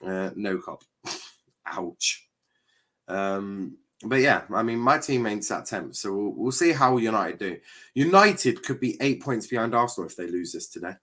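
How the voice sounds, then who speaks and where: A man's voice: lowish voice, expressive, measured pace, a bit bright. A man hosting a live football watchalong stream, reacting with exasperation and frequent swearing as he chats to viewers.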